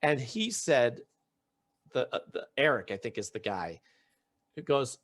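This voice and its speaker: Speaking with a medium-pitched, slightly bright voice, this male podcast host is very animated yet unhurried, leaving long pauses. He tells a story in easygoing chat, playing out the quotes and often restarting his lines.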